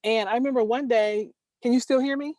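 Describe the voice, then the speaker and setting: A woman telling a personal story over a video call, earnest and halting, restarting her sentences. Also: on the high side, steady tone, dark tone, dry recording. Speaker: caller sharing a story.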